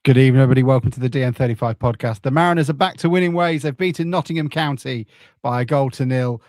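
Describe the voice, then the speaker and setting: A man hosting a casual football podcast, joking and relaxed with plenty of fillers. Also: medium pitch, racing, no echo, clean studio sound. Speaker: podcast host.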